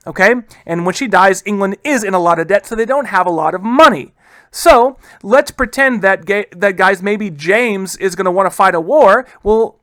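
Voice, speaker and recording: This high, bright, forceful male voice comes with no room sound. He gives a relaxed history lesson, calling his students "guys," asking rhetorical questions, and slipping into brief quoted impressions of historical figures.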